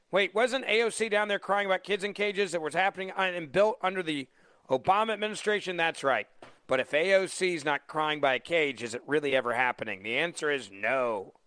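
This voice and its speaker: Radio guy subbing as host, kinda high voice, sarcastic, dry studio sound. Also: dry recording. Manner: sarcastic, mocking, animated. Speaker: fill-in radio talk show host. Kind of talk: opinionated talk radio monologue. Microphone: studio microphone.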